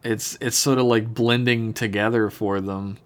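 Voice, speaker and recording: A man co-hosting a podcast, recapping in a relaxed, casual chat with wry humor. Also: fairly low pitch, normal speed.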